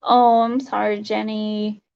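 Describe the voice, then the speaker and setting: A woman talks slowly to her livestream viewers, her voice gravelly and close to tears. She stumbles and restarts, full of "um" and "you know." The webcam audio sounds dull and lo-fi. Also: medium pitch, little pitch movement, a little mellow. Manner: emotional, tearful, halting with many fillers. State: teary, sniffling. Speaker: livestream host. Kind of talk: casual livestream chat to viewers. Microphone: webcam mic.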